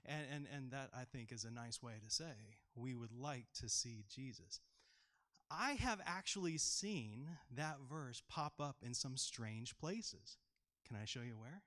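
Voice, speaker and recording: A man's voice: medium pitch, animated, a little slow, a bit bright. A man pastor giving a children's sermon in a church, playful and often asking the kids questions.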